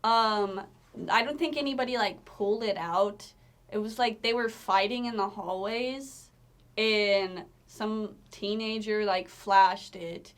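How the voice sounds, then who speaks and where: A woman's voice: mid-range voice, slow pace. Chatty young woman telling a story. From Tennessee, US. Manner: chatty, animated retelling, frequent "like" fillers and laughs. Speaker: movie theater worker. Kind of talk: casual storytelling interview.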